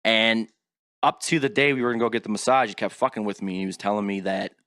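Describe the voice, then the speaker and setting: Bright-voiced man telling a story laughing. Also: on the low side, quick pace, no echo, studio quality. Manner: loud laughing storyteller, acts out quotes with yelps. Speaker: podcast host. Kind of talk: casual storytelling chat.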